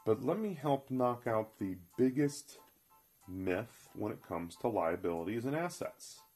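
A man's voice: mid-range voice, expressive, a little slow, darkish tone, faint music behind. A man giving an emphatic finance talk, speaking straight to the listener and repeating his key points. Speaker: financial educator. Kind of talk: motivational finance talk to viewers.

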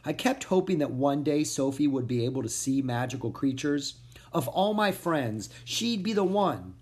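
An expressive narrator reading a children's chapter book aloud. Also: medium pitch, moderate pace. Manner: expressive, animated storytelling. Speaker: audiobook narrator.

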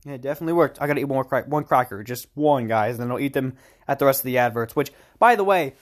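A man's voice: medium pitch, fast talker, slight background noise. A man hosting his own podcast in a casual solo monologue, rambling, swearing freely and snacking as he talks. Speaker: podcast host.

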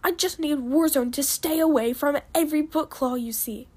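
A woman voicing a stern male father dragon, low and half-whispered, firm and commanding. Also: moderate pace, darkish tone, close to an everyday voice.

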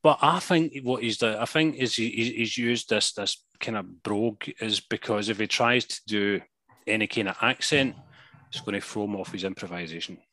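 A man's voice: lowish voice, moderate pace, bright, forceful tone, no echo. A Glaswegian man co-hosting a casual film review chat, swearing freely and breaking into laughing asides. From Glasgow, Scotland. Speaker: podcast co-host.

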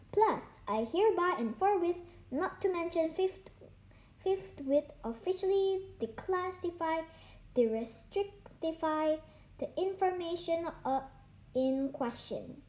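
A woman's voice: high voice, a little mellow, roomy sound. A woman reading a story aloud, voicing a shy male library assistant who rambles and keeps correcting himself.

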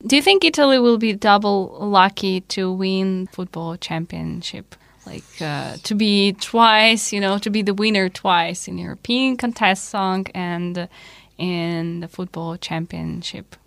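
A woman asks questions in a casual interview, using many fillers. Her voice is mid-pitched and the sound is dry and close. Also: unhurried, gravelly, a bit bright, no echo. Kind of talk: casual conversation.

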